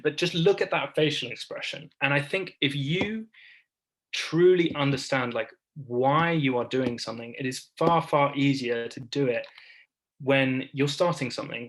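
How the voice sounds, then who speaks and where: A man's voice: mid-range voice, fairly bright tone, low-quality recording. A man leading an online workshop over a video call, chatty and self-deprecating, with many restarts. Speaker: workshop speaker.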